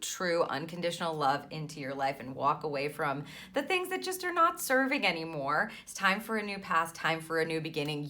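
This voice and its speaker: A woman's voice: low-pitched, sharp tone. A woman reading cards as an intuitive guide, soothing and affirming, often tagging her lines with "right?". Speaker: tarot reader and intuitive mentor. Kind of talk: spiritual card reading monologue.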